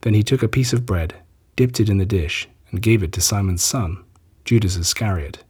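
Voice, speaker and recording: A man reads scripture aloud in a slow, solemn, measured way. His voice is lowish, very husky and dark. The telling stays even and deliberate. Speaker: scripture reader. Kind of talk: scripted Bible reading.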